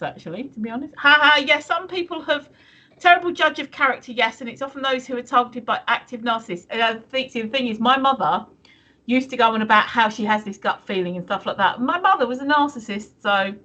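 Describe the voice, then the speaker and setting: A woman's voice: fairly high pitch, pushed and bright. A woman from the UK co-hosting a live stream, chatting casually and rambling with many restarts. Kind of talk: casual chat reading viewer comments.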